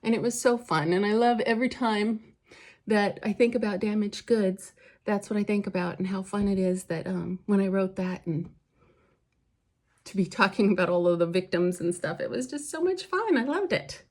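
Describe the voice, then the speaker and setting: A woman's voice: medium pitch, steady tone, normal speed, a little mellow. A woman author chatting casually to camera in a vlog, rambling and enthusiastic, with lots of fillers. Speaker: author and vlogger. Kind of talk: casual get-ready-with-me chat.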